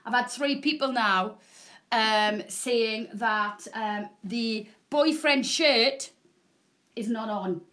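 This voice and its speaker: Woman, 40s, high-pitched and brash live-shopping host, loud chatty patter. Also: slow pace. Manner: loud, bubbly, greets viewers by name. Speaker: shopping channel presenter. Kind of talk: live selling stream, chatty. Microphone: proper microphone.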